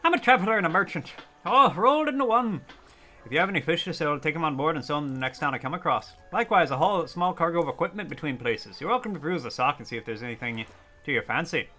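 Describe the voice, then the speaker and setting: A man reading the lines of a chatty traveling merchant from a game, in a lively, bright voice. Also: a little high, quick pace, faint music behind. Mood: friendly. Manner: read-aloud game dialogue.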